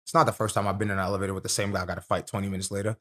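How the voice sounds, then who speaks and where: Talking very fast in a lowish voice, a young man who fights professionally recounts his bouts on a relaxed podcast. He comes across as streetwise and foul-mouthed, telling his stories with animation.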